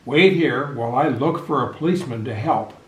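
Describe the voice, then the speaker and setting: A man's voice: mid-range voice, fairly quick, natural voice. A man doing a helpful scruffy cat. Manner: calm, helpful. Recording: echoey room.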